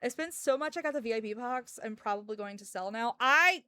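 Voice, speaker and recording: A woman with a fairly high voice chats to her stream viewers from home, close to the mic in a dry, dead room. She vents her frustration in loose, casual talk, breaking into laughs and the odd curse. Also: expressive, brisk, pushed and bright, no echo. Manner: frustrated, venting, with frequent laughs and swearing.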